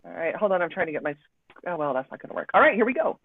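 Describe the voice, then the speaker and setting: A woman playwright, relaxed, reading stage directions aloud over a video call. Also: fairly low pitch, racing, no room sound. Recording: tinny phone-like line.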